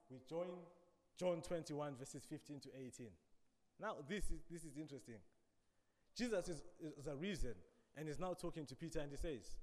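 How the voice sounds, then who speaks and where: A man preaching a sermon, dramatic, swinging between loud emphasis and quiet asides. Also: on the high side, in a large hall.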